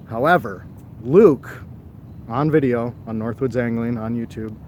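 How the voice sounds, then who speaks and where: A man's voice: medium pitch, measured pace, darkish tone, a little hiss or hum. A man co-hosting a live fishing stream outdoors at night, greeting viewers by name and chatting casually about catfish. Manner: reads out viewer names and greetings. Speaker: fishing show co-host.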